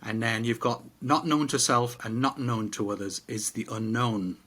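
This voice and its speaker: A man's voice: mid-range voice, steady tone, moderate pace, pushed and bright. A middle-aged man co-hosting a casual podcast, reflective and rambling with restarts. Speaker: podcast co-host. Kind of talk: casual chat.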